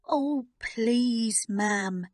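A woman voicing a timid, tearful young kitchen maid who pleads and apologizes, in a slow storybook reading. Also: medium pitch, expressive, fairly bright tone, no room sound, studio quality.

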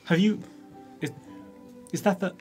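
A man's voice: sits high, unhurried, a little mellow, soft background music. A man, a player in a tabletop game, talking in character, stammering and restarting in a flustered way. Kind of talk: in-character tabletop role-play.

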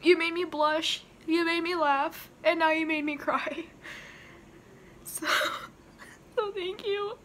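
A woman with a high, bright voice talks straight to her viewers while crying. She gushes thanks between teary laughs in a casual, heartfelt way. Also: fairly even intonation, takes it slowly, pauses often, slight background noise. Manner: gushing, laughing through tears. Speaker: YouTuber. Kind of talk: tearful vlog to camera.

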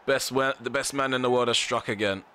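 A man's voice: medium pitch, steady tone, brisk, pushed and bright, clean tone. A man commentating live over his football video game, ranting in frustration and repeating himself in slangy phrases. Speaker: gaming YouTuber.

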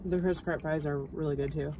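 A woman's voice: low voice, fairly even intonation, brisk, background noise. Easygoing woman chatting over food. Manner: easygoing, hums and says 'like' a lot. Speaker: co-host of a food channel. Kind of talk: casual mukbang chat while eating.

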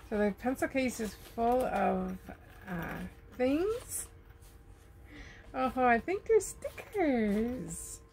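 A woman's voice: on the high side, gravelly, slight background noise. A woman chatting casually as she unboxes gifts in her RV, gushing over each item. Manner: gushing, slow, lingering on her words. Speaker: vlogger. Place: home in an RV.

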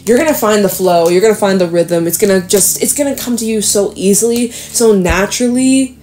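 A woman giving a casual tarot reading to camera, excited, emphatic and reassuring, with slangy asides. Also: mid-range voice, fairly quick, faint music behind. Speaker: tarot reader.

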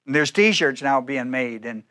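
A man's voice: mid-range voice, expressive, measured pace, sharp tone. A man pastor preaching a sermon, acting out biblical speakers in first person with humor and frequent laughter.

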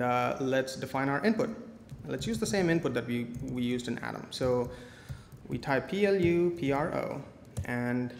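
A man's voice: medium pitch, vocal fry. Playful man presenting in an echoey hall. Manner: playful, joking asides. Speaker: conference speaker. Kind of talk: live coding talk. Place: large conference hall. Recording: echoey hall, faint noise.

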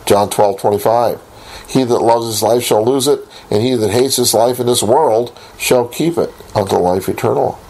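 A man teaching a Bible lesson, reading scripture aloud and posing rhetorical questions in a deliberate way. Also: mid-range voice, creaky, darkish tone, poor audio. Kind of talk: recorded Bible study lesson.

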